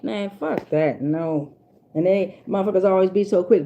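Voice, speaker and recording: A woman's voice: mid-range voice, normal speed, warm tone, muffled recording. A woman giving a casual spiritual tarot reading in a blunt, profane and preachy way, repeating lines for emphasis. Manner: emphatic, repeats herself for weight. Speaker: tarot reader.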